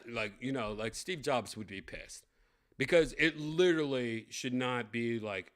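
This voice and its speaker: A man's voice: mid-range voice, normal speed, a bit bright. A young man giving blunt, profane unboxing commentary, ranting with lots of fillers. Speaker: tech vlogger unboxing a VR headset.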